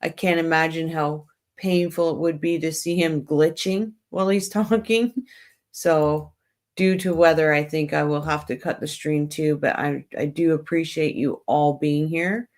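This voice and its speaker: A woman's voice: low-pitched, fairly even intonation, measured pace, darkish tone. A woman hosting a casual livestream, rambling in a friendly way and talking straight to her viewers. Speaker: livestream host.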